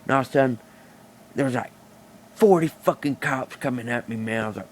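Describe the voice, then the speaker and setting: A man's voice: medium pitch, brisk, a little hiss or hum. A man telling a rambling, profane, boastful improvised stand-up story into a phone. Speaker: amateur comedian.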